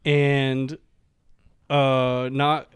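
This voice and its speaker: A young man telling a comic story on a podcast, deadpan and halting, with many fillers. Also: mid-range voice, clean tone, no echo, clean studio sound. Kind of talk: casual comedic storytelling.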